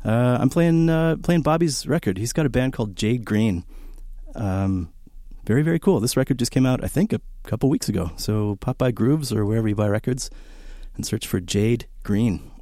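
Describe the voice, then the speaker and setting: A man's voice: mid-range voice, normal speed, dry recording, clean studio sound. A man hosting a college radio record show, chatting casually and enthusiastically between songs with lots of fillers. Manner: rambling and enthusiastic, many fillers, animated storytelling. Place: small radio studio. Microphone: studio broadcast microphone.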